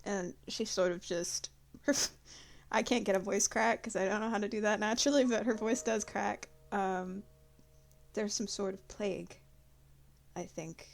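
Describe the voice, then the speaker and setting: A woman taking part in a tabletop role-playing game, talking in a loose, rambling way and often breaking into giggles. Her voice has a gravelly edge. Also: medium pitch, fairly even intonation, normal speed. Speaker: player. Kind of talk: in-character tabletop play.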